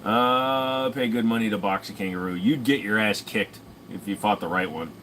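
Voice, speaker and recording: A man's voice: on the low side, moderate pace, sharp tone, slight background noise. Profane, joking young man chatting. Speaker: streamer answering chat. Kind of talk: casual live chat.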